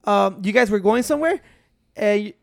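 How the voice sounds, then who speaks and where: A man's voice: high voice, animated, normal speed, creaky, no echo, clean studio sound. Profane, laughing code-switching man. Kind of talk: casual chat.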